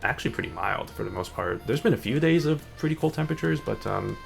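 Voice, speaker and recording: A man's voice: mid-range voice, lively intonation, fast, gravelly. A young adult man streaming a game, chatting in a rambling way with lots of fillers. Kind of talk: casual gaming chat. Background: faint background music.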